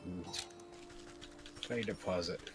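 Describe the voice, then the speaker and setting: A man casually narrating his gameplay as a streamer, murmuring to himself in a relaxed way. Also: deep voice, unhurried. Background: game music.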